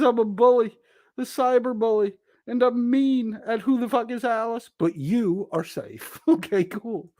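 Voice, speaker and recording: A man's voice: very high-pitched, moderate pace, darkish tone, no echo. Male streamer, casual chat reader, crude and laughing, dry close-mic sound. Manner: crude, laughing, reads viewer comments aloud. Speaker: livestream host reading chat. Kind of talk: casual livestream chat reading.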